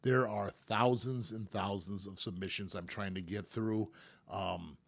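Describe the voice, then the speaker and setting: A man's voice: fairly low pitch, fairly even intonation, measured pace, creaky. A middle-aged man, a professional piercer, hosting a live stream and answering viewer questions in a friendly, rambling way. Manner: friendly, rambling advice with repeated words. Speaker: professional piercer and show host.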